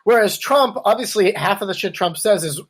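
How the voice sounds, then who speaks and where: A man's voice: high-pitched, lively intonation, a little fast, a bit bright, breathy edge. A man co-hosting a podcast, chatting casually and sarcastically about politics over a webcam. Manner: riffing, sarcastic, puts on quoted voices. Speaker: podcast co-host.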